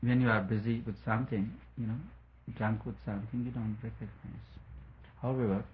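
A man's voice: lowish voice, steady tone, brisk. Chuckling man on a tinny line. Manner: digressive, chuckling storyteller. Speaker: spiritual speaker. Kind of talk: spiritual talk with a told story. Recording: tinny phone-like line, faint noise.

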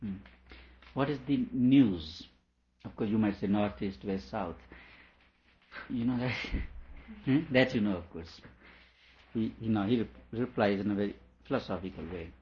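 A male teacher giving an explanatory lecture on a scripture, repeating each question aloud before patiently explaining it, with quiet chuckles along the way. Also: fairly low pitch, normal speed, slight background noise. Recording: dull lo-fi recording.

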